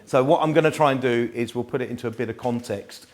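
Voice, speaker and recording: A man's voice: medium pitch, fast. A man in his fifties with a South East London accent, giving a chatty, anecdote-filled live lecture to a room. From England. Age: 50s. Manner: chatty, anecdotal, self-deprecating.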